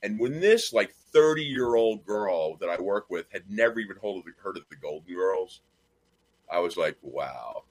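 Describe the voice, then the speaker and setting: A man's voice: fairly low pitch, lively intonation, normal speed, low-quality recording. Fifty-something guy on a video call, jokey storyteller. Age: 50s. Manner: storytelling, joking. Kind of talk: casual chat.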